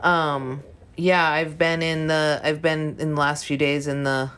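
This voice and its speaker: A woman's voice: low voice, little pitch movement, unhurried, a bit bright. A young woman chatting casually on a podcast, rambling with restarts and casual swearing. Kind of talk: casual chat.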